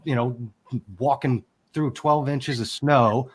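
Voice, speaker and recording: A man's voice: medium pitch, steady tone, slow. Candid man in his forties. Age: 40s. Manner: candid and emotional, swears casually. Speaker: podcast guest. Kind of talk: personal storytelling.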